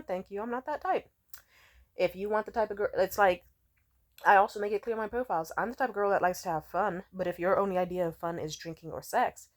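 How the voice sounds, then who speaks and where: A young woman ranting casually into her phone, blunt, profane and sarcastic. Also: fairly low pitch. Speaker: vlogger. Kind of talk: casual rant to camera.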